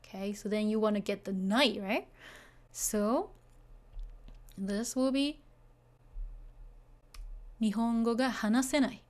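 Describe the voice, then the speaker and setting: A woman's voice: fairly high pitch, takes it slowly, long pauses. A woman teaching a beginner Japanese lesson, chatty and full of fillers, often checking that the learners follow.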